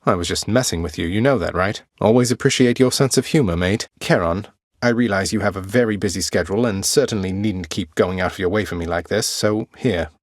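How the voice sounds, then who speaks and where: A man's voice: sits low, fairly quick, no echo. A man voicing a wry, polite young prince of the underworld, in video game voice lines. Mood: friendly. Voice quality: dry, wry and teasing. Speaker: game character.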